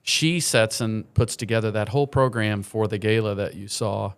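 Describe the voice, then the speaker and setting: Middle-aged guy on a morning tv couch, earnest heartfelt storyteller, smooth voice. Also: fairly low pitch, normal speed. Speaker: charity program leader, studio guest. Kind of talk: morning TV interview, telling stories. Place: TV studio.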